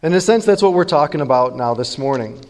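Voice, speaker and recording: A male pastor preaching a sermon in a conversational, animated way, joking with his congregation. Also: mid-range voice, fast, in a large hall.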